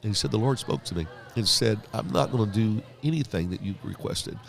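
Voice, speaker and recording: A man's voice: fairly low pitch, fairly quick, creaky. A man, telling his story as a pastor guest on a podcast and acting out the voices of people he quotes. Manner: animated storyteller, acts out quoted dialogue. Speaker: guest pastor and leadership author.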